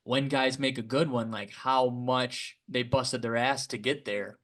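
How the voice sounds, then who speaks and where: A man's voice: mid-range voice, steady tone, measured pace, fairly bright tone. A man hosting a fishing podcast, chatting casually and sometimes searching for words. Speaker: podcast host. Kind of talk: casual interview chat.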